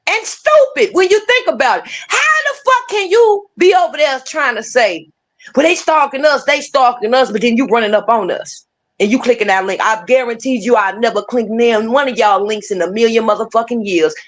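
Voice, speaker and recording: A woman hosting a livestream rants heatedly at online rivals, animated and swearing freely in profane talk. Her voice runs on the high side at a normal speed.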